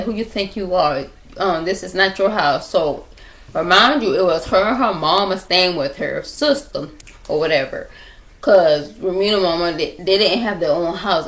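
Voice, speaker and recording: A young woman telling a rambling story to her viewers in a casual chat, repeating herself and talking straight to them, recorded on a laptop at home. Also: fairly low pitch. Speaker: vlogger telling stories.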